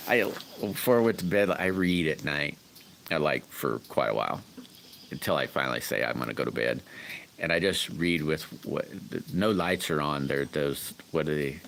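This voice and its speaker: A man chats loosely on his livestream, wandering from story to story and calling out viewers by name. His voice sits very low, and a faint hum of room noise runs behind him. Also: vocal fry. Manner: rambling, folksy, greets chat by name. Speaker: livestream host chatting with viewers. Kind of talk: casual livestream chat.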